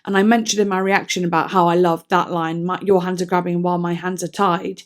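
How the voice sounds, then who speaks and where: A woman's voice: on the low side, little pitch movement, a little fast. Chatty woman reviewing songs. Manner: chatty, enthusiastic, self-deprecating, trails into soft asides. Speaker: music reviewer. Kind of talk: casual song review vlog.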